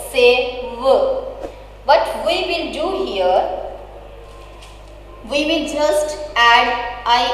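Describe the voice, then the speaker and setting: High-voiced teacher in an echoey hall. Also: female voice, slight background noise. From Pakistan. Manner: spells words letter by letter, repeats key points. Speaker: English teacher. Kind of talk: classroom grammar lesson. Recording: very echoey hall with faint ambience.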